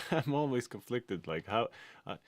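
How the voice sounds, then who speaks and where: A man's voice: medium pitch, expressive, slow, a crowd in the background. A man from Sweden, a music producer talking casually on a livestream, hesitant and full of fillers and restarts.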